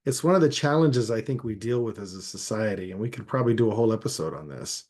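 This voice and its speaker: A man co-hosting a relaxed podcast, with a gravelly, husky voice. He explains his points thoughtfully, tossing in light, playful asides. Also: on the low side, quick pace. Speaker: doctor and podcast co-host. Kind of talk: casual podcast chat.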